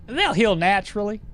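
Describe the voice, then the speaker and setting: A man with a high, slightly bright voice streams a game live. He chats casually with his viewers as he plays, laughing often.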